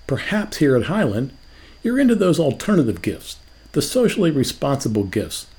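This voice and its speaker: A man's voice: fairly high pitch, wildly swooping pitch, normal speed, darkish tone. An older man preaching a sermon as a pastor, asking rhetorical questions in a conversational way.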